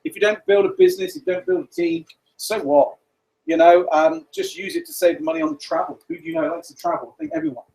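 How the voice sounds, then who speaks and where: A man gives a business presentation in a meeting room, casual and full of fillers. His voice sits high for a man. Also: big pitch swings, quick pace, creaky, darkish tone, poor audio. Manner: casual, rambling, many fillers.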